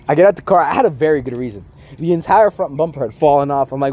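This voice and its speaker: A man's voice: fairly high pitch, fast. A young man in casual chat with friends, telling a story with lots of laughs and acting out what others said. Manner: animated, laughing, acts out friends' lines.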